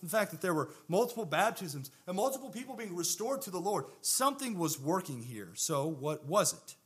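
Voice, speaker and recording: A man's voice: high voice, very animated, a little fast, fairly bright tone. A young man preaching a sermon to his congregation, earnest and emphatic, repeating words for stress.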